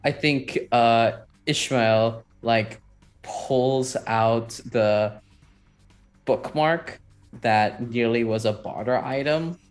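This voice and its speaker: A man playing a tabletop role-play game, describing his character in a slow, musing way. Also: medium pitch, soft background music. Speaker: player.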